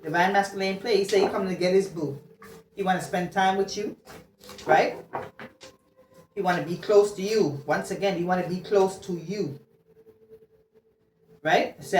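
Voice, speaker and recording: A woman's voice: on the low side, moderate pace, long pauses. A woman giving a casual love reading as a tarot reader, chatty and blunt, slangy, swearing and laughing as she talks. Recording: roomy sound, distant mic, faint noise.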